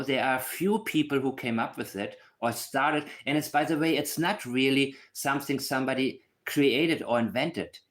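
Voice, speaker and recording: A man at a mid pitch talks through a case on his livestream. He is blunt and emphatic and keeps turning aside to talk to his chat. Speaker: channel host analyzing a case. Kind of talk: casual livestream commentary.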